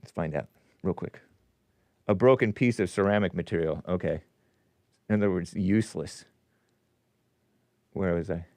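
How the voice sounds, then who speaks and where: A man's voice: low-pitched, animated, moderate pace, darkish tone, dry recording, studio quality. Casual male host reading scripture. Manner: casual, reads aloud with asides and jokes. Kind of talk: call-in show and scripture reading.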